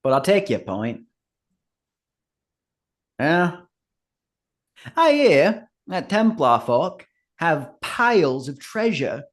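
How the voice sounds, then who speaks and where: Man playing a blunt smuggler woman, gruff and suspicious, tabletop game. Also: a little high, big pitch swings, extremely slow, pauses often, voice pushed up, exaggerated voice. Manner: blunt, swears under her breath. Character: gruff wary female smuggler, coarse and blunt.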